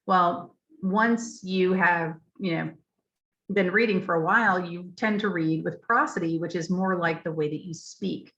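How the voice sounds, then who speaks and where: Woman explaining reading stuff to teachers, lowish voice, says lots of um, muffled call audio. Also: a little slow, fairly bright tone. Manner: explanatory, frequent ums, demonstrates pronunciations aloud. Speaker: literacy trainer. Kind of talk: teacher training talk. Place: remote session on a video call. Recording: dull lo-fi video call audio.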